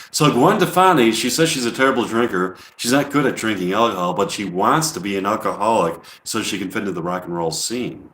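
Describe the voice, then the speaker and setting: A man's voice: lowish voice, lively intonation, fairly quick, hardly any pauses, fairly bright tone. Rambling man in an echoey room. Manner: rambling and hesitant, full of ums. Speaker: comedian live-streaming. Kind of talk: improvised comedy monologue.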